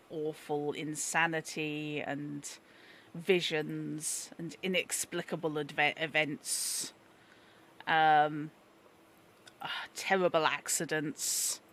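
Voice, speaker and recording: A woman narrating a tabletop horror game as game master, wry and joking, with frequent fillers. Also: low-pitched.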